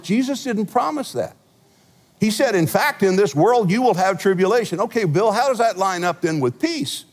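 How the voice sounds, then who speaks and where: A male senior pastor preaches a sermon in a large church sanctuary, telling stories with humor and big swings in loudness. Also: on the high side, big-room sound.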